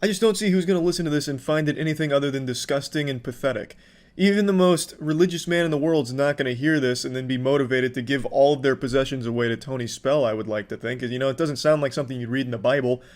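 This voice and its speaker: A man's voice: medium pitch, fast. A man giving sarcastic video commentary, mock-sincere and swearing often.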